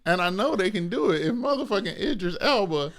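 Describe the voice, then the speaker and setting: A man's voice: sits high, expressive, brisk, fairly bright tone. Profane joking man podcast co-host. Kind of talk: casual chat.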